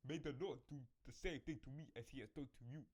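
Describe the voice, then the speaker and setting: A man voicing a devoted young Israelite woman with a Jamaican accent, earnest and rushed as she pleads to stay. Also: medium pitch, a little mellow, natural voice. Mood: pleading.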